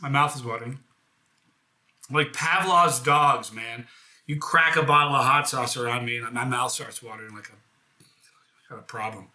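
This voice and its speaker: A man's voice: mid-range voice, normal speed, pauses often, sharp tone, echoey room. A man from the United States hosting a casual live hot sauce review, chatty and enthusiastic, with self-deprecating jokes.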